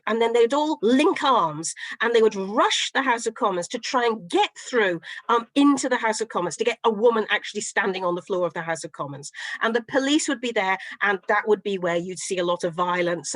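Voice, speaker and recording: A middle-aged woman professor delivers an online history lecture, her fairly high voice carrying the story along with plenty of ums. The sound is dry and close, like a video call from a home office. She keeps a lively, storytelling pace. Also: dry recording, poor audio. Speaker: professor giving a history talk.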